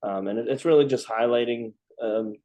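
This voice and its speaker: Halting man with many restarts. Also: mid-range voice, mellow, lo-fi sound. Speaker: host, veteran. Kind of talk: casual conversation.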